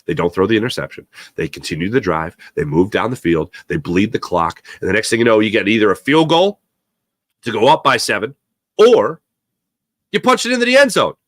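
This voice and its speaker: A man hosting a live sports talk show, giving opinionated takes and answering viewer chat in an animated way. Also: on the low side, dry recording, clean studio sound. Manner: opinionated, animated, quick asides to chatters.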